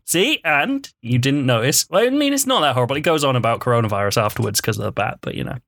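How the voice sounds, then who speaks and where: A man's voice: medium pitch, animated, fast, gravelly, fairly bright tone. A man hosting a casual comedy podcast, rambling cheerfully and laughing often.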